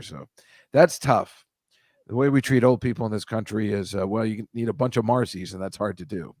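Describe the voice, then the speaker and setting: A man's voice: on the low side, brisk, no echo. Middle-aged male podcast host, chatty and rambling, joking with the chat, dry close sound. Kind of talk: casual livestream chat with viewers.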